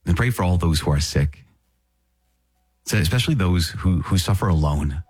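Husky low-voiced priest with a cold. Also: male voice, expressive, normal speed, darkish tone. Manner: conversational, acts out little dialogues, repeats words. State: sick with a stuffy nose. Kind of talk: casual spoken reflection.

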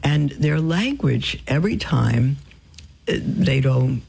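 A woman telling religious stories on the radio in an animated way, acting out what people said and dropping to a whisper for emphasis. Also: a bass voice, slow, creaky, slightly rough, poor audio. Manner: animated storyteller who acts out quotes and drops to a whisper for emphasis. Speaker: radio guest asking for donations. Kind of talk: religious storytelling testimony.

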